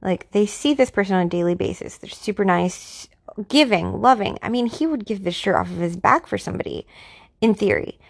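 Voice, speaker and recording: A woman talking casually about her personal experiences, offering her opinion in a halting way with restarts and fillers. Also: medium pitch, animated, creaky. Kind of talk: casual monologue.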